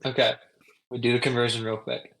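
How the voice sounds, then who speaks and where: A man's voice: mid-range voice, level tone, fairly quick, a bit bright, rough recording. A man narrating as game master for a tabletop game, loose and full of ums and uhs. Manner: loose, filler-heavy narration.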